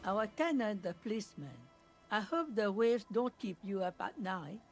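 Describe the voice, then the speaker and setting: A woman voicing an elderly landlady in a video game, speaking in a slow, folksy, gentle way. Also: mid-range voice, animated, soft background music, natural voice. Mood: wry.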